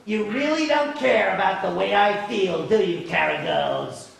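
A man's voice: sits high, big pitch swings, measured pace, creaky, fairly bright tone, pitched below the performer's own voice, full character voice. A man voicing a whiny genie in a comic puppet show. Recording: echoey hall from far off.

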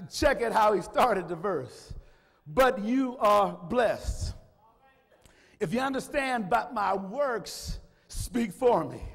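A man's voice: high-pitched, gravelly, slightly rough. A male pastor preaching a sermon in a fervent, half-sung cadence with frequent "uh" fillers, in a church. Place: church sanctuary. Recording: long reverb of a church hall.

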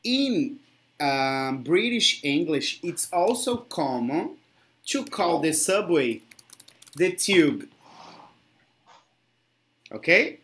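Slow, encouraging English teacher with a Brazilian Portuguese accent. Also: medium pitch, very animated, a bit bright. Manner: encouraging, laughs often, slow explanations. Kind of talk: online English lesson.

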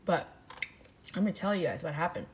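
A young woman streaming, chatting casually and telling a lively story, her voice jumping up when she acts out reactions. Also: a little fast, slight background noise. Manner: animated storytelling, pitch jumps for quoted reactions. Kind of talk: casual chat while eating. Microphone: desk mic, no face cam.

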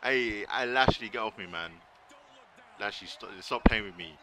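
A man streaming a wrestling video game live, excitedly commentating, swearing and shouting at the screen. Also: fairly low pitch, normal speed, a little hiss or hum. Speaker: gaming streamer.

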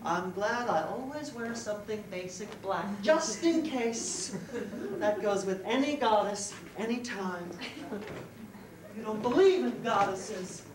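A woman's voice: medium pitch, expressive, slow. Maggie, a giggly angel in training, acted by a woman. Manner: giggly, chatty, addresses the audience directly. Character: flustered female goddess-in-training angel, lost in time. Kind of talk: live solo theater performance. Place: small cabaret stage with a live audience. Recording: echoey live room, distant mic, background noise.

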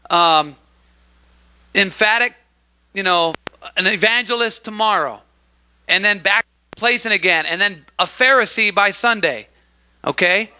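A man delivers a sermon in a church. His voice sits high for a man and sounds very bright and forceful. He speaks in an animated way, asks the congregation questions and calls out praise between points. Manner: animated, acts out crowd voices, calls for amens. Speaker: preacher.

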